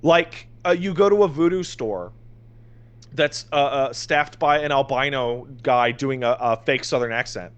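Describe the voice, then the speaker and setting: Excitable swearing podcast man. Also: medium pitch, a little slow, clean tone. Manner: excited, exasperated storytelling with restarts and swearing. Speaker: podcast co-host. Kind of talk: casual chat.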